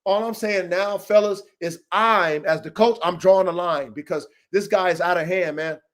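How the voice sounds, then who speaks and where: A man's voice: high-pitched, steady tone, moderate pace, a bit bright. A man hosting a dog-training show, delivering a heated, profane, repetitive rant that calls out a rival.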